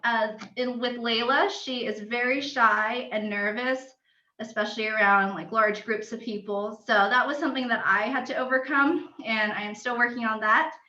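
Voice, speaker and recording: Young woman chatting through her book slides, bright tone, roomy echo, laughs a lot. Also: on the high side, fairly even intonation, normal speed. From United States. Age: young adult. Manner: chatty, explanatory, laughs often. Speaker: author. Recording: roomy and dull lo-fi.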